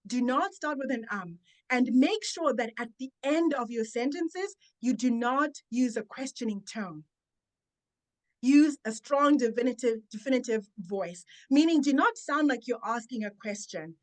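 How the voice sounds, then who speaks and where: A woman who coaches public speaking, giving emphatic, deliberate advice as a podcast guest. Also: sits high, lively intonation.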